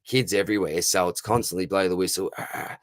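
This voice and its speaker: Hoarse Australian man, matey. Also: deep voice, brisk, dry recording, clean studio sound. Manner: matey, chummy, calls everyone mate and brother. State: hoarse, losing his voice. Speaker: livestream host answering viewer questions. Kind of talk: casual livestream Q&A.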